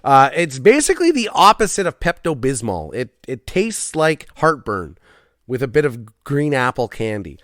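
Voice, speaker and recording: A man's voice: mid-range voice, very animated, normal speed, fairly bright tone, no room sound, studio quality. A man hosting a solo comedy podcast from his garage, rambling, self-deprecating and swearing often. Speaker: podcast host. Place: home garage.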